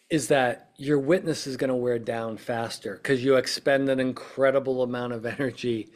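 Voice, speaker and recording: A man hosting a podcast, explaining in a casual, conversational way and checking in with the listener as he goes. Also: medium pitch. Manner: conversational, peppers points with "right?" and "okay?"; acts out quoted speech in short bursts. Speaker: podcast host, witness-prep consultant.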